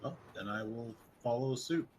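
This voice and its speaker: A man's voice: medium pitch, moderate pace, a little hiss or hum, poor audio. A man playing in a tabletop game, plainly and easily announcing what his character does. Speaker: player. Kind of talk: casual tabletop game play.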